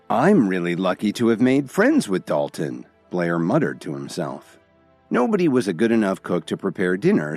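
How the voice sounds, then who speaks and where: A man narrating a dramatic story in a steady, expressive reading. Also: sits low.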